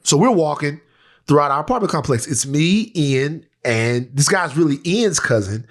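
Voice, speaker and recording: A young man, a podcast co-host from Louisiana, telling a long casual story with swings between loud bursts and soft asides. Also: medium pitch.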